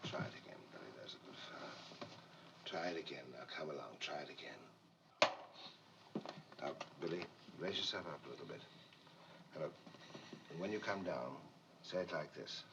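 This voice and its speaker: Man, film director, coaxing and animated, lively pitch, distant noisy old footage. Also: moderate pace, vocal fry, long pauses. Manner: coaxing, animated, calling out cues. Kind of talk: coaching actors on a film set. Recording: distant, dull, noisy archival film sound.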